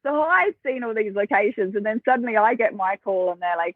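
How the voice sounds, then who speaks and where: Australian woman guest, animated storyteller, thin phone-line audio. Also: medium pitch, fairly quick, no room sound. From South Australia. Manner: lively storyteller, acts out quoted voices, laughs often. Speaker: podcast guest. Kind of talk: casual interview storytelling. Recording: thin phone-like dry sound.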